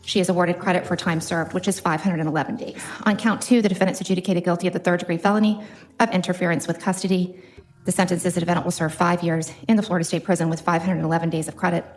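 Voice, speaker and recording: Woman judge reading a sentence, flat and quick, kinda low voice. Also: low-quality recording. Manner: formal, matter-of-fact.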